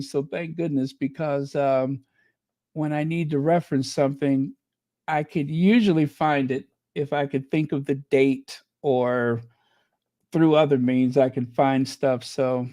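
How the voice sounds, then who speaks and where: Her voice low-pitched and a little mellow, a woman rambles her way through casual commentary on a royal news livestream, pausing often for fillers and restarting her sentences. What she reads out draws gushing, sentimental reactions. The audio is close and dry, without any echo.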